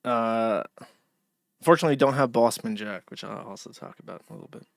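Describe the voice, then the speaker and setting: A man's voice: medium pitch, fairly quick, gravelly, no echo, studio quality. A man hosting a livestream, ranting and swearing in casual commentary. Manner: profane, ranting. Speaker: stream host.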